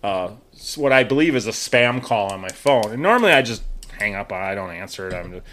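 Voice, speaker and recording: A man's voice: fairly low pitch, sing-song, a little fast, a bit bright. A man in his thirties telling a funny story in casual chat, swearing freely and acting out the voices of the people in it. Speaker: podcast co-host telling a story.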